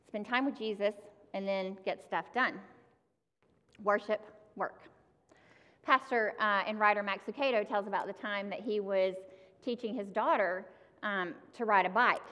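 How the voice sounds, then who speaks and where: A woman's voice: mid-range voice, steady tone, a little slow, pushed and bright. A woman giving a sermon, talking to the congregation in a conversational way and addressing them directly. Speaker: preacher. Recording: long hall reverb.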